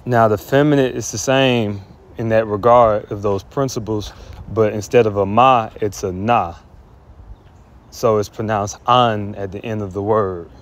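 A man's voice: on the low side, steady tone, normal speed. A man giving an informal spoken grammar lesson, often restarting and repeating himself as he explains. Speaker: Hebrew teacher.

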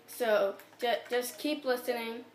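A gameplay channel host giggles through hiccups as she rambles over casual commentary to her viewers. Her voice is a little high and slow, and the room is echoey with faint background noise.

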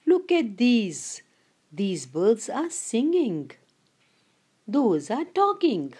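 A woman voicing a group of excited children at a picnic in a storybook, in a slow, wondering reading. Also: a little high, breathy edge, heavily acted. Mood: amazed.

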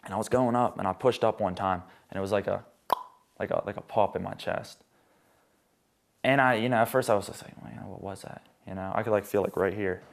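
A man's voice: fairly low pitch, steady tone, fairly quick, creaky. A young man telling his conversion testimony as a guest, rambling, with many restarts.

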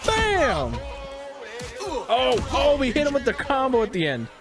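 Excitable high-voiced male gamer. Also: fairly quick, music in the background. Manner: excitable, whooping, joking reactions. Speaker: gaming YouTuber. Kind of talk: let's play commentary.

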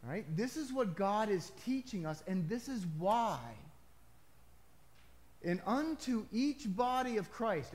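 Emphatic, fairly high-voiced male pastor. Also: a little mellow. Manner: conversational preaching with emphatic rises and asides. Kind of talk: sermon.

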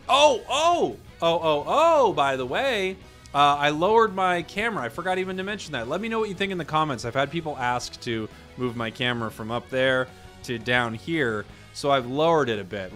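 A medium-pitched man hosts a gaming video, chatting casually about his matches and erupting into loud excitement whenever a big play happens.

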